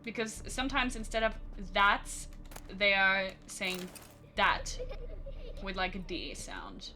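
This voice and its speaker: Animated woman streamer. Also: medium pitch, moderate pace, background noise. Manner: chatty and animated, reacting out loud. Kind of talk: live gameplay commentary.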